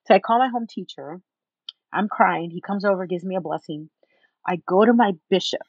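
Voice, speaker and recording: A woman speaks as an interview guest, recounting her own experience in an animated way and slipping into the voices of people she quotes. Her pitch sits in a middle range. The recording is dry with no room sound and slightly muffled. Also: normal speed, dry recording. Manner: animated, acts out what others said. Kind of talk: personal storytelling in an interview.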